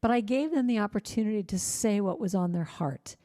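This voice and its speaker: A middle-aged woman giving a gentle, heartfelt inspirational talk in a church, telling personal stories. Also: mid-range voice, lively intonation, fairly quick. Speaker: singer-songwriter speaker.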